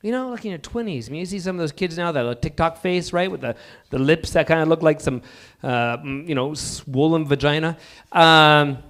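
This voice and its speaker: A man from Alberta doing a rambling, self-deprecating stand-up set at an open mic, full of halting fillers. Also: fairly high pitch, fairly bright tone. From Alberta, Canada.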